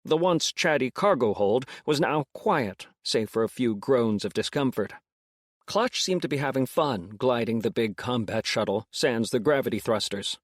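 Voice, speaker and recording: A man narrating an audiobook in the first person, reading in a steady, measured way. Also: mid-range voice, dry recording, studio quality.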